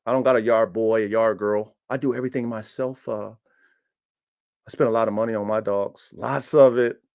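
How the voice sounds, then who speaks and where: A man's voice: on the low side, fairly even intonation, normal speed, creaky, a little mellow. A man hosting a livestreamed dog podcast, talking in a boastful, confrontational way with emphatic slang. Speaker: podcast host and dog breeder. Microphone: streaming setup.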